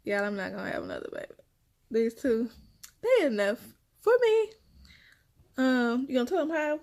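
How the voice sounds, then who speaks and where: A young woman and mother, casually telling her viewers a story in a chatty, animated way and repeating her phrases as she goes. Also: fairly high pitch, fairly quick, gravelly. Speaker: mother vlogging about her kids.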